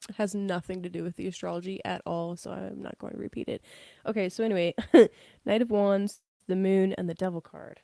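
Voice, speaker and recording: A woman's voice: mid-range voice, steady tone, brisk, gravelly, dark tone, dry recording. A young woman giving a casual live tarot reading, chatty, laughing often and swearing freely. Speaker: tarot reader.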